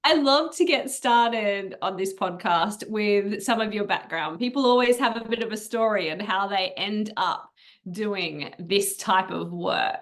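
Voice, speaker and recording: An Australian woman hosting a podcast interview, bubbly and quick to laugh. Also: medium pitch, fairly bright tone. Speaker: podcast host. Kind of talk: casual interview.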